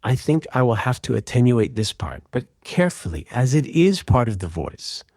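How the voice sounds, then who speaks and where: A man calmly and methodically walking through an audio repair tutorial in voice-over. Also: mid-range voice, normal speed, slightly rough, no room sound, clean studio sound. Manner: calm, methodical explaining. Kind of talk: screen-recorded software tutorial.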